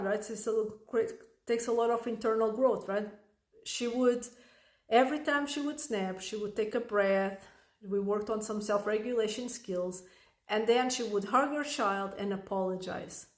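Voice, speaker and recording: A woman's voice: on the high side, darkish tone, roomy sound. A woman giving parenting advice as a coach, conversational, often checking in with "right?" and restarting her sentences. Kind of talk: advice talk to camera.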